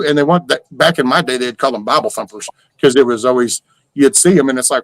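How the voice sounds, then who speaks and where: An older man with a drawl holds forth on his livestream, his voice sitting a touch high. He rambles through exasperated, cussing rhetorical questions. The sound is close and dry. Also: brisk, a bit bright, no room sound, poor audio. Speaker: livestream host. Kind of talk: casual ranting chat.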